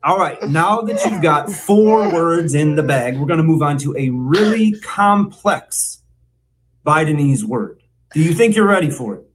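A man hosting a podcast, presenting a mock language lesson with a teasing, drawn-out teacher delivery. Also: fairly high pitch, expressive. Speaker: podcast co-host.

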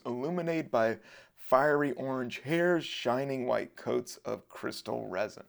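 A man's voice: medium pitch, a little slow, vocal fry. A man from the Washington DC area hosting a podcast in a loose, wandering, jokey monologue, swearing casually. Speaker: podcast host.

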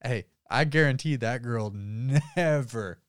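A man's voice: mid-range voice, takes it slowly, clear, resonant tone, dry recording, clean studio sound. A young man co-hosting a casual podcast, joking loosely and cursing, a little tipsy. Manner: loose, joking, profane, says he has been drinking. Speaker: podcast co-host.

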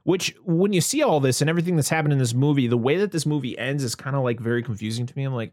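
A man's voice: medium pitch, very fast, hardly any pauses, darkish tone, dry recording, studio quality. A man chatting casually as a podcast host, recapping a film, laughing often and acting out the characters' lines. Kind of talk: casual chat.

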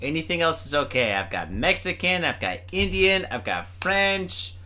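A man's voice: on the high side, big pitch swings, normal speed, sharp tone. A man co-hosting a casual podcast, rambling through his points with constant fillers and swearing. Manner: rambling, filler-heavy, says like and fucking constantly. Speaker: podcast co-host. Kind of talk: casual profane podcast banter.

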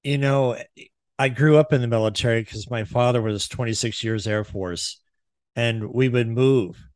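A man's voice: mid-range voice, normal speed, dry recording. Guy veteran getting a bit emotional, dry close mic. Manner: emotional, heartfelt recollection. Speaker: host, Army veteran. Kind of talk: casual interview.

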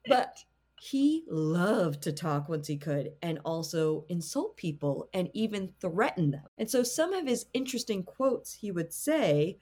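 A woman's voice: lowish voice, very animated, a little slow, mellow. A woman co-hosting a podcast who retells a spooky story in a chatty, casual way, dropping lots of "like" fillers. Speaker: podcast co-host.

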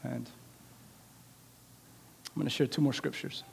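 A man preaching a sermon as pastor, swinging between loud cries and quiet asides, often dropping the word "man" into his talk. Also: mid-range voice, little pitch movement, a little slow, creaky, slight background noise. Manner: repeats the filler word "man". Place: church sanctuary. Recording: long hall reverb with soft music.

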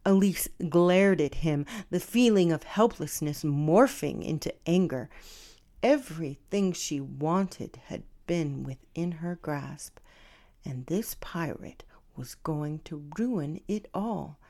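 Slow, soft-spoken woman reading a romance. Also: low-pitched. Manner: soft, slow, formal reading; loose and chatty after. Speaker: romance author and reader. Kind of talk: audiobook reading, then casual chat to listeners.

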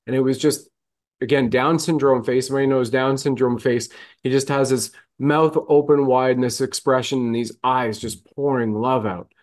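A man's voice: medium pitch, darkish tone. A man in casual podcast chat, telling a moving story earnestly, his voice catching as he fights tears.

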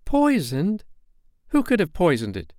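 A man voicing a bold, cocky boy who shouts eagerly. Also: sits high, wildly swooping pitch, a little slow, no room sound, clean studio sound, pitched above the performer's own voice, heavily acted. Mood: impatient.

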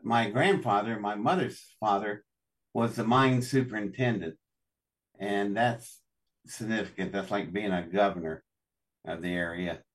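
A man's voice: fairly low pitch, a little slow. Older man, from west virginia, folksy storyteller, chuckles, slightly distant from mic. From West Virginia, USA. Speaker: guest. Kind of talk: storytelling interview.

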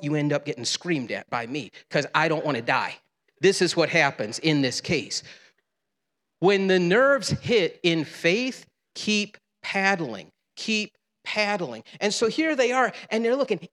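In a church sanctuary, a male pastor with a fairly high, slightly bright voice preaches in a conversational, humorous way. The recording carries the long reverb of a large hall.

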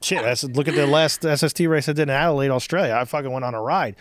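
A man's voice: mid-range voice, fast, no room sound. Rambling, profane man, dry mic. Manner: rambling, profane, animated storytelling. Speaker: podcast host. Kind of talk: casual chat.

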